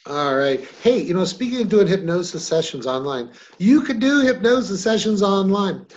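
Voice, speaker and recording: A man hosts a hypnosis training chat with a slightly raised pitch, affirming his guest and keeping it conversational. The audio is a little dull and lo-fi. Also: big pitch swings, moderate pace, slight background noise. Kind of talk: casual teaching talk.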